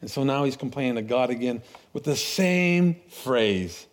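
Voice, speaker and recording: A middle-aged man preaching a sermon, telling stories with laughs and restarts, animated. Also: medium pitch, normal speed. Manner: storytelling, animated, with laughs and repeated words.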